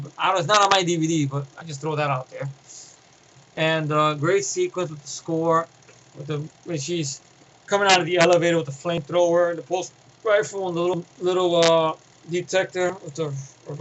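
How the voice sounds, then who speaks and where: A man giving a casual, rambling film review, excitable and profane, often restarting his sentences. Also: on the high side, lo-fi sound, slight background noise.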